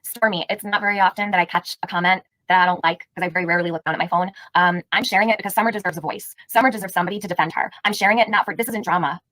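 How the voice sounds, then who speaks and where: A woman's voice: lowish voice, fairly even intonation, rapid-fire, hardly any pauses, sharp tone, no room sound, low-quality recording. A woman hosting a live stream, giving heated, indignant commentary and firing rhetorical questions at her chat. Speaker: livestream host.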